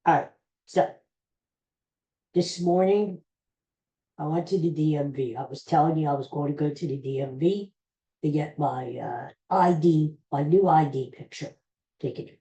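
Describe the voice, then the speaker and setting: Mellow-voiced man telling a rambling story. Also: a little high, normal speed, pauses often. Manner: rambling, self-deprecating humor. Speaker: podcast host. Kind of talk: casual storytelling monologue. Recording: roomy echo.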